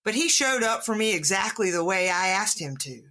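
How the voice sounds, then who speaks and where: A woman's voice: medium pitch, animated, normal speed, pushed and bright. A woman hosting a podcast conversation, talking in an emphatic, heartfelt way and acting out inner voices. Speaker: podcast host. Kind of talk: casual conversation.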